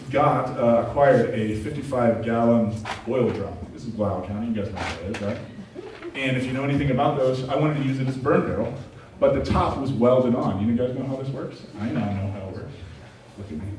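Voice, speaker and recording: A man preaching in a church sanctuary, his voice ringing through a very echoey room and picked up from some distance by the mic. He tells stories in an animated, self-deprecating way. Faint noise sits under the recording. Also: medium pitch. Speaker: pastor. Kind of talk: sermon with personal storytelling.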